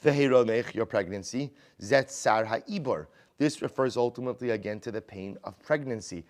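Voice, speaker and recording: A man teaching a Talmud class as a rabbi, conversational and animated, asking rhetorical questions and mixing in Hebrew and Aramaic terms. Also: medium pitch, moderate pace. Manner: conversational, many rhetorical "right?" questions and restarts; animated, swings loud and quiet for emphasis.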